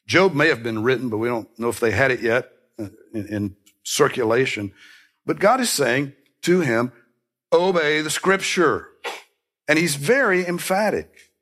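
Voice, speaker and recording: A man's voice: mid-range voice, expressive, moderate pace, a bit bright. A man preaching a sermon, earnest and emphatic, repeating key phrases and dropping into conversational asides. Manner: conversational asides and self-corrections. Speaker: pastor.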